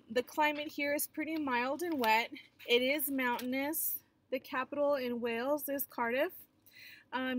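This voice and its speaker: A young adult woman teacher giving a recorded geography lecture in a chatty, explanatory way with frequent filler sounds. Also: fairly high pitch.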